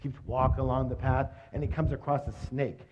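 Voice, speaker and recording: On a dull lo-fi recording with slight background noise, a middle-aged man gives a live motivational seminar, energetic and jokey, constantly quizzing his audience. His voice is mid-range and fairly quick.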